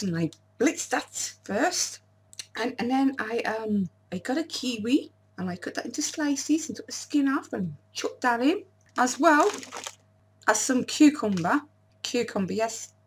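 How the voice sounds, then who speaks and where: A husky, slightly high-voiced woman in her forties talks through her week's meals in a home diet vlog. She chats loosely and laughs at herself, tripping over words and starting sentences again. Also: lively intonation, unhurried. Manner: chatty, stumbling restarts and self-deprecating asides. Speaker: vlogger. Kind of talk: casual diet vlog to camera.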